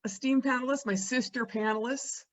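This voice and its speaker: A woman's voice: fairly high pitch, fairly even intonation, moderate pace. A woman panelist from the United States giving her opening thoughts from her rural home in a casual, wry way, full of "you know" and joking asides. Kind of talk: conversational panel talk.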